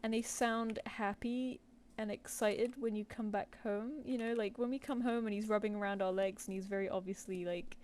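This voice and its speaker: A woman's voice: mid-range voice, steady tone, normal speed, a little mellow, slight background noise. A woman with a British accent chatting casually with viewers while she works on a live stream, rambling with lots of fillers. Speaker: streaming artist.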